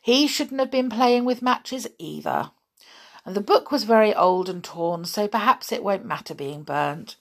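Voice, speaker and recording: A woman voicing a sensible male toy, calm and matter-of-fact. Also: medium pitch, a little slow. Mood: practical.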